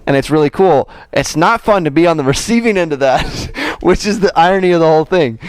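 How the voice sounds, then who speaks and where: A man co-hosting a casual podcast, telling a story with animated swings as he acts out his own frustration. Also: a little high, moderate pace, no room sound. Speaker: golf coach and podcast co-host.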